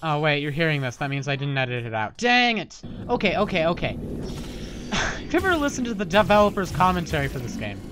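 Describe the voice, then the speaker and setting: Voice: mid-range voice, sing-song, quick pace, fairly bright tone, soft background music. A let's player giving casual gameplay commentary, rambling and jokey, with playful asides. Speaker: video game let's player.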